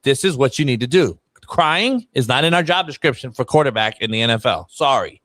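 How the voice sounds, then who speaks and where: A man's voice: mid-range voice, animated, a little fast, a bit bright. A man hosting casual sports talk, blunt, joking and profane. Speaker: host.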